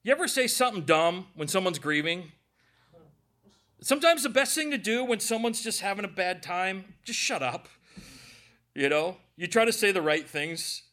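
A male pastor delivering a conversational sermon in a somewhat high voice. He is earnest and openly emotional, and he breaks in with self-deprecating asides. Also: lively intonation, normal speed, sharp tone.

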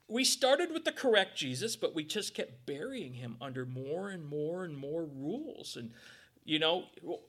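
A male pastor gives a loose, conversational sermon, his voice sitting high and leaping around in pitch. He jokes, acts out quotes and makes little sound effects.

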